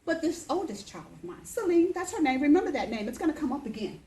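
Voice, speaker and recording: A woman in her fifties telling a personal story as a speech, lively and acting out the voices. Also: quick pace, roomy sound, a little hiss or hum, low-quality recording. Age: 50s. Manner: animated, acts out voices with big pitch jumps.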